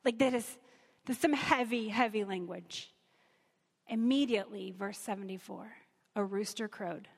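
A woman's voice: mid-range voice, measured pace, gravelly. Earnest woman teaching scripture in a hall. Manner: earnest, conversational, reads scripture aloud. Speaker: Bible teacher. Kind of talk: Bible teaching.

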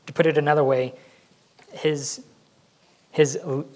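A man's voice: a little high, flat delivery, measured pace, darkish tone, rough recording. A male pastor giving a conversational sermon, laughing now and then and acting out what his kids say. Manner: conversational, laughs often, acts out kids' voices.

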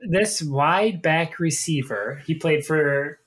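Husky wisecracking man, a bit higher. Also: takes it slowly, a bit bright. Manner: dry, wisecracking. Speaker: trivia player, co-host. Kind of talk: casual podcast banter.

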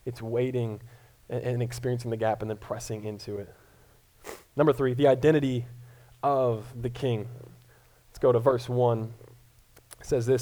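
A man's voice: mid-range voice, fairly even intonation, moderate pace, pauses often, warm tone. A young man from Colorado preaching a sermon in a casual, self-deprecating way, often restarting his words. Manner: conversational, self-deprecating, frequent stammered restarts. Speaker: pastor.

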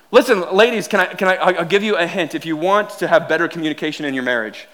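A man preaching a sermon, animated and self-deprecating, telling funny everyday stories and often repeating words. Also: high-pitched, quick pace, hardly any pauses. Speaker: pastor. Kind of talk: sermon with humorous storytelling.

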